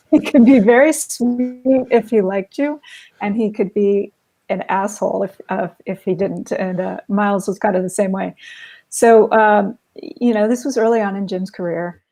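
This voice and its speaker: A woman's voice: mid-range voice, measured pace, vocal fry. A woman guest telling stories in a casual interview, laughing often as she goes. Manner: animated anecdotes, laughs often. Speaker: guest, photographer's estate heir.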